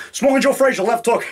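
A man's voice: very high voice, breathy edge. A man in his fifties making a rambling, boastful, jokey vlog to a camera in his home basement. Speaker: low-budget horror filmmaker. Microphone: camera mic.

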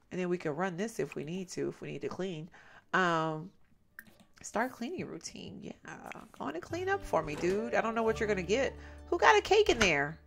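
A woman giving casual let's-play commentary, chatty and exasperated, often talking to her viewers as "y'all". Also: on the low side. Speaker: gameplay commentator.

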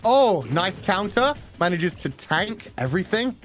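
A man's voice: high-pitched, big pitch swings, a little slow. A man giving casual, jokey color commentary and analysis on a video game match.

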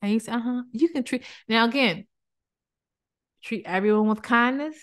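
A woman's voice: fairly high pitch, normal speed. A woman giving an informal Bible teaching in an emphatic, colloquial way, repeating her points and slipping into playful voices. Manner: lively, jumps into playful voices for quotes. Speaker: Christian speaker and counselor.

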